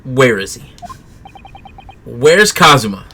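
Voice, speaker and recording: A woman voicing an anxious young defendant, halting and dismayed, in her own bright, lively voice. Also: a bass voice, slight background noise, pitched below the performer's own voice, exaggerated voice.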